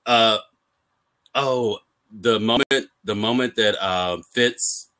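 A man co-hosts a casual podcast, his voice bright and forceful and set a little low. He talks in an animated way, often breaking into laughter and acting out moments from the show. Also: takes it slowly. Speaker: podcast co-host. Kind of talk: casual chat recapping a TV episode.

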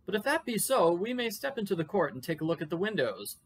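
A man's voice: high-pitched, big pitch swings, fast, a little hiss or hum, pitched above the performer's own voice. Man reading as an earnest Victorian lawyer. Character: worried Victorian lawyer, middle-aged man.

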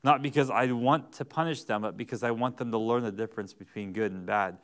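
Man, thirties, church sermon, conversational, smooth clear voice, middle pitch. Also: fairly quick. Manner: conversational, with stammered restarts and homely family stories. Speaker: pastor.

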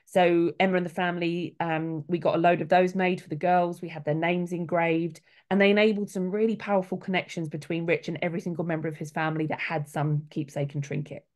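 A woman's voice: fairly low pitch, level tone, brisk, hardly any pauses, darkish tone. A middle-aged woman, a soul midwife, talking casually and earnestly, with quoted voices acted out along the way. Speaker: soul midwife, guest speaker.

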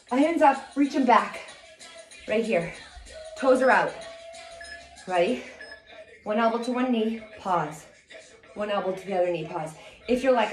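Woman instructor leading cardio, slightly out of breath, hypes everyone up, music playing faintly behind. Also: medium pitch. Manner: energetic, counts reps and cheers on. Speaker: fitness instructor. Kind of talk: coaching a workout. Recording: echoey room with music.

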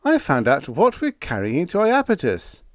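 A man's voice: on the high side, wildly swooping pitch, normal speed, dry recording, clean studio sound, voice pushed up. A man voicing an eager, gangly young ship officer who chortles with triumph. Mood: gleeful.

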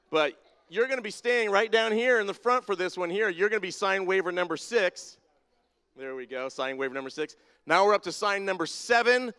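Inside a large church sanctuary with a balcony and spotlights, a man with a high-pitched, bright, forceful and clean voice leads a playful congregation activity. He teases people and calls them down by name, and the long reverb of a big hall trails his words.

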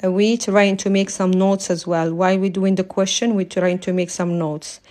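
A woman's voice: mid-range voice, flat delivery, normal speed, darkish tone. A woman tutoring a driving theory lesson on a live stream, speaking English as a non-native speaker in a chatty way and often ending sentences with "yeah?". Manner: apologizes for her accent, non-native English.

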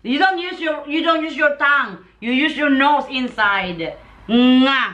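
A woman's voice: sits high, normal speed, lo-fi sound. A woman from the Philippines with a Filipino accent, teaching Tagalog sounds and laughing often, patient and repetitive. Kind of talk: casual home language lesson.

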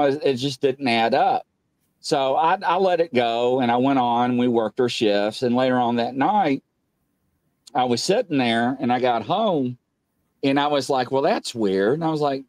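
A middle-aged man tells a story in a loose, rambling way, filling the pauses with "uh" and acting out each quoted line with a sharp leap up in pitch. His voice sits at an ordinary male pitch and sounds dry, with no room echo. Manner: animated, jumps up in pitch when acting out quoted speech; loose and rambling with many filler "uh"s. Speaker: guest, police captain. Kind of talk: casual storytelling.

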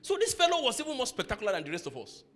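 A male pastor delivers a sermon in a church, his voice pitched high and leaping across a wide range. He acts out shouting quarrels to make his points. Soft music sits faintly under him. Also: very fast. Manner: animated preacher acting out quarrels, laughing at his own stories.

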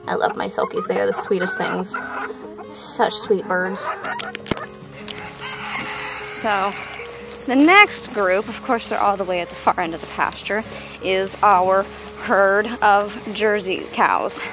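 A woman's voice: medium pitch, unhurried, pauses often, over music, rough recording. Woman, farm vlogger, chatty and breathless, baby talk to animals, outdoor handheld camera. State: out of breath from walking in the heat. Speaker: homesteader showing her farm animals. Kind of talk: casual farm tour vlog.

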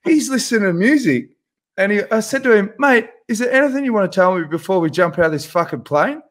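A man, a podcast co-host telling a profane, animated anecdote in casual chat. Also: high voice, fast talker. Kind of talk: casual storytelling.

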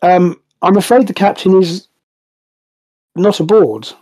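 Guy doing a cagey alien first officer, careful slow talk, mellow tone. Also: sits high, lively intonation, husky, exaggerated voice. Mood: guarded. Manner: careful, measured speech.

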